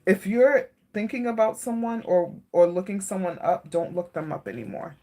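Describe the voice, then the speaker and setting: A woman giving a live-stream tarot reading, soft-spoken and emotional, often checking in with her viewers. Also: medium pitch, normal speed. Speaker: tarot reader.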